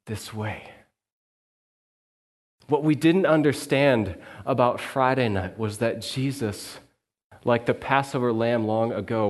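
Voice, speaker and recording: A male minister giving an earnest first-person sermon monologue in character, quiet and reflective in the sad parts, lively when the story turns. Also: mid-range voice. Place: church sanctuary.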